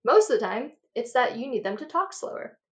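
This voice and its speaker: A woman in her thirties, an audiologist, talking passionately and quickly in an interview, a bit out of breath. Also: a little high, big pitch swings. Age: 30s. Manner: passionate, rapid lecturing. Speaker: audiologist guest. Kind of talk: enthusiastic interview talk.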